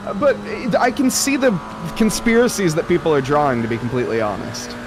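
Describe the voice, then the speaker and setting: A man's voice: a little high, big pitch swings, brisk, over music. A young man doing live sim racing commentary, rambling in a jokey, self-aware way.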